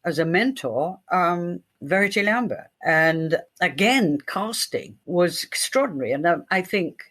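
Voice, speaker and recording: An older woman tells her stories as a guest in an interview. Her voice sits on the lower side, and she acts out the people in her anecdotes with real animation. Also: animated, a little slow, a bit bright. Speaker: guest, TV crime writer. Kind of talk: storytelling in an interview.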